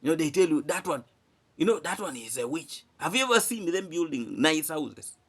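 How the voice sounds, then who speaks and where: Male vlogger, emphatic and repetitive, voice swinging up and down in pitch. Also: sing-song, moderate pace, husky. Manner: emphatic, repeats phrases, asks rhetorical questions. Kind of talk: animated commentary to camera.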